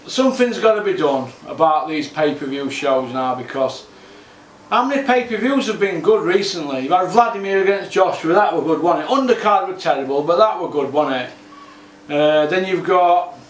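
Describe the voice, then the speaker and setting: A man's voice: high-pitched, lively intonation, normal speed, far from the mic, a little hiss or hum. A man, ranting about boxing in an exasperated, repetitive monologue. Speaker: boxing commentator. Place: home gym. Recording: echoey room, off-mic.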